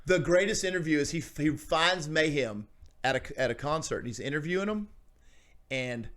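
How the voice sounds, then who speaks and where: A man hosting a podcast in casual chat, telling stories in a rambling, excited way with many restarts. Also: a little high, normal speed. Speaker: podcast host.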